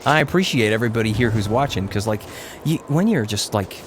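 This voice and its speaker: A young man talks his way through a game stream, pitched a little low and chatting loosely with his viewers. He reads their comments out and breaks off to swear at the game. Constant background noise sits under the low-quality stream audio. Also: animated, brisk. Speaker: gaming streamer. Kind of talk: casual live-stream chat while playing.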